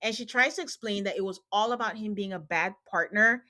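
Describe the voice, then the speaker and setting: A woman's voice: medium pitch, brisk. Chatty woman podcast host. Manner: quotes people in animated retellings. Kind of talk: casual recap chat.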